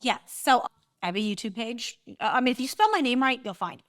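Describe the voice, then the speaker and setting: A woman musician being interviewed, telling animated stories and laughing often. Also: a little high, fairly quick, no room sound, clean studio sound. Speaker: guest, singer and composer. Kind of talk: casual interview storytelling.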